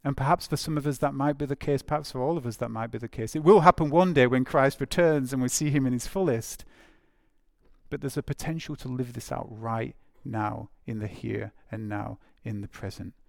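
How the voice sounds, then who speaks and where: This preacher's voice is gravelly and creaky, medium in pitch and a touch mellow, and he moves at a brisk pace. Delivering his sermon conversationally, he repeats phrases for emphasis and uses lots of ums and uhs. There is no room echo, as the recording is close and dry.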